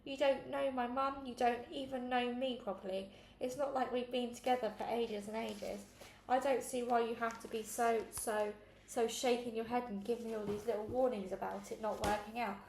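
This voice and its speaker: A woman's voice: fairly high pitch, little pitch movement, moderate pace, creaky, a little mellow. A woman voicing a defiant, sulky young girl in foster care in a storybook reading. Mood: resentful. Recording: echoey room, faint noise.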